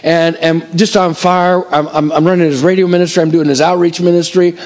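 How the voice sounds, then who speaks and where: A middle-aged man preaching a sermon as pastor, calling out to his congregation in an animated way. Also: a little high, a little fast. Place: church hall before a congregation.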